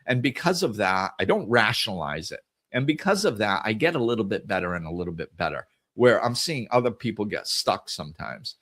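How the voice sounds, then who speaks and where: With a lowish, fairly bright voice, brisk delivery and big pitch swings, a middle-aged man hosts a podcast. He reflects earnestly on scripture and the inner life, frequently repeating himself and correcting his phrasing.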